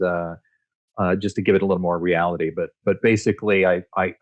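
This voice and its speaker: Low-voiced man, dry relaxed storytelling. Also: dry recording. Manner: relaxed storyteller, many fillers and restarts. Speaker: guest, voice actor and screenwriter. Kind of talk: casual interview chat.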